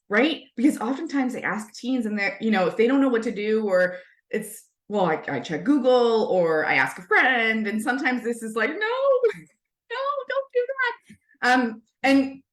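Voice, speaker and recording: A woman's voice: medium pitch, fairly bright tone, roomy sound. A woman who works as a teen coach, talking earnestly and enthusiastically as an interview guest. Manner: earnest, enthusiastic, uses "right?" often. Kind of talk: casual interview.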